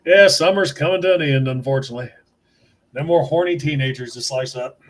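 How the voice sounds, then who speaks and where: A man from West Virginia hosting a casual livestream, telling chatty stories and cracking dry, dark jokes. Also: medium pitch, fairly quick. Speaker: toy reviewer, livestream host.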